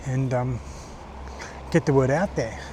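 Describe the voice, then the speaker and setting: A man in his forties with an Australian accent, vlogging in a casual, halting monologue full of fillers and restarts, from a car on the road. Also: mid-range voice, noisy background. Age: 40s.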